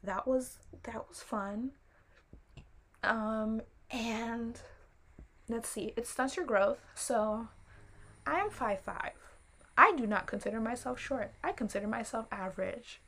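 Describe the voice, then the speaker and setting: A woman's voice: a little high, slow pace. A young woman telling a personal story to camera in a casual, rambling way, drifting into tangents with apologetic, playful asides. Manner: chatty and animated, with playful asides. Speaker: vlogger.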